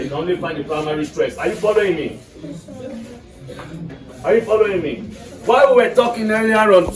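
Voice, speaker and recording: A man teaching an English lesson to a class, repeating his points and quizzing students with prompts. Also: high voice. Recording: echoey room from far off, music behind.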